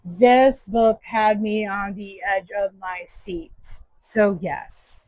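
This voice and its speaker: Slow-talking enthusiastic woman book vlogger. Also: mid-range voice, darkish tone, no room sound, low-quality recording. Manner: enthusiastic, emphatic. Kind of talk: casual book review monologue.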